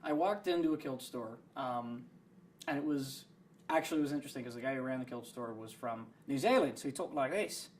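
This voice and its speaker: A man's voice: medium pitch, a little fast, slight background noise. A young adult man, an actor, talking in a behind-the-scenes interview in a rambling, self-deprecating way with many fillers.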